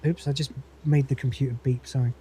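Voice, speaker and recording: A man hosting a podcast while sick, casually retelling an episode in an animated way. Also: medium pitch, quick pace, slightly rough. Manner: animated, acts out scenes with lots of "he goes". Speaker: podcast host.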